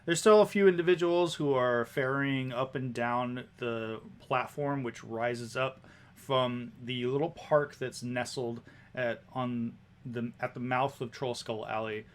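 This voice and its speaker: A man's voice: medium pitch, a little slow. Man narrating a tabletop game. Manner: relaxed scene description with small restarts. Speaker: game master.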